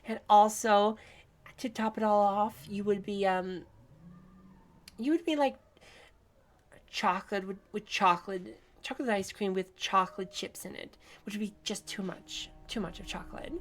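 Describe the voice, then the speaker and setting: A woman's voice: medium pitch, unhurried, long pauses. A woman streaming a game, casually chatting and playfully teasing her viewers, often breaking into giggles. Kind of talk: casual live-stream chat.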